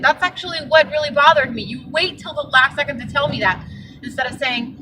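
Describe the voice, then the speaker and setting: A young woman vlogger telling a story in a casual, animated, indignant way, full of fillers. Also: high voice, fairly quick, far from the mic, background noise. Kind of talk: casual vlog rant.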